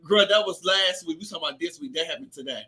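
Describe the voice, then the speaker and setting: A man co-hosting a casual live chat, sassy and teasing with loud interjections. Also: on the high side, fast.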